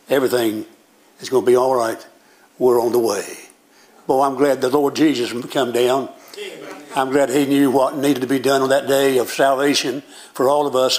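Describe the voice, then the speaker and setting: An older man preaches a sermon from the pulpit. He tells stories in a plain, folksy manner with country grammar, the way a pastor talks to his own congregation. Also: mid-range voice.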